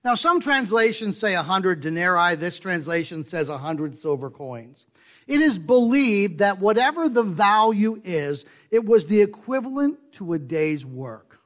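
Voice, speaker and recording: A male pastor preaches an emphatic sermon packed with rhetorical questions, dropping into soft, low asides and rising to loud, stressed points.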